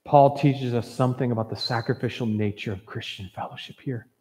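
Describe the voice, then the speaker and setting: A man preaching a sermon as pastor, earnest and emphatic, with warm conversational asides. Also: mid-range voice, fairly even intonation, brisk, in a large hall. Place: church sanctuary.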